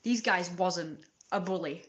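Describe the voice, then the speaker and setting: A woman's voice: on the low side, measured pace, a little hiss or hum. A British woman talking straight to her viewers in a passionate, blunt, exasperated way. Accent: British English. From Britain. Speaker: YouTuber. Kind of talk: casual rant to camera.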